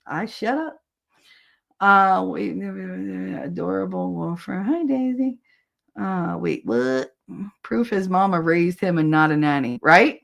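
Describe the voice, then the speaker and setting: A woman's voice: on the low side, sing-song, takes it slowly, creaky. A woman from New Jersey hosting a casual livestream, reading chat comments, blunt and swearing and often laughing. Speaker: host.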